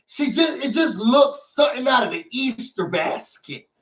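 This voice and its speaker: A man with a notably high voice runs a casual recap vlog with sassy, theatrical flair, calling out to his viewers. He sits a little back from the mic, so his voice sounds somewhat distant. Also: lively intonation, normal speed, fairly bright tone. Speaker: show recap host.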